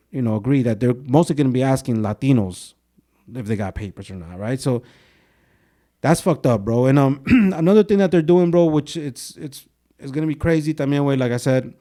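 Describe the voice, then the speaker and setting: A man's voice: mid-range voice, warm tone. A young man co-hosting a podcast in casual, slangy talk, saying "bro" a lot and slipping into Spanish words. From Mexico. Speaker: podcast co-host.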